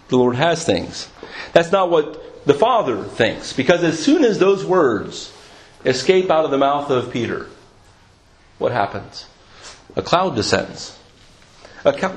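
Earnest male preacher in an echoey room. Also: a little high. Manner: earnest, questioning, with frequent restarts. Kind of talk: sermon.

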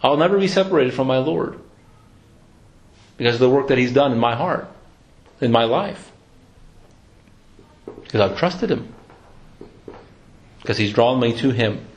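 A man preaching a sermon in an earnest, reflective way, slowing down to quote scripture. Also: mid-range voice, lively intonation, a little hiss or hum.

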